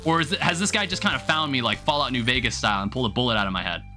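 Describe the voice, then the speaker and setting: Talking very fast in a medium-pitched voice, bright and forceful, a young streamer chats casually while gaming. He thinks aloud, rambles and fills gaps with filler words, as game music plays faintly.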